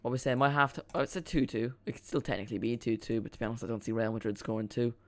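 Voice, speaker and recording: A man's voice: mid-range voice, very fast. A man hosting a live football watchalong stream, chatting casually and rambling as he reacts to the chat and the match.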